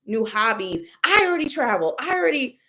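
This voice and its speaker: A young woman telling a story in a casual, expressive way, exclaiming and mimicking others, with many restarts. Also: a little high, fairly quick. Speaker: storyteller recounting a reading.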